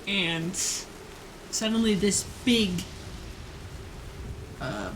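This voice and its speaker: Woman game master, slow relaxed narration, frequent fillers, faint hiss behind. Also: mid-range voice, poor audio. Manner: relaxed, laughing, many fillers.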